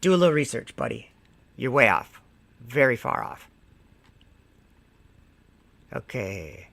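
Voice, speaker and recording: A man talks slowly through a casual livestream, mocking the comments he reads and lecturing their writers. His voice has a gravelly, creaky texture and a bright, forceful edge. The sound is dry and close. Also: medium pitch, very animated, no echo. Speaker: livestream host.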